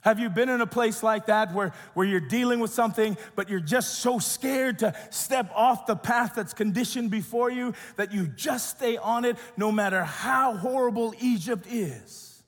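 A man preaching a sermon in an earnest way, swinging between raised emphasis and hushed, quiet passages. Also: sits high, normal speed, hardly any pauses. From grew up as an immigrant. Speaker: pastor. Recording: long hall reverb.

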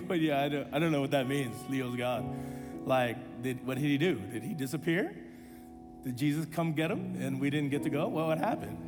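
A man in his thirties, a pastor, preaching a sermon and telling a personal story with animated self-deprecating humor. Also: on the high side, moderate pace, long reverb tail, music in the background.

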